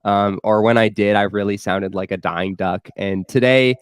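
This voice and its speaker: A man's voice: fairly low pitch, level tone, normal speed, clear, resonant tone, dry recording, studio quality. Stuffy-voiced man co-hosting a podcast. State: stuffy, worn out from illness. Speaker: podcast co-host. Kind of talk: casual sports podcast chat.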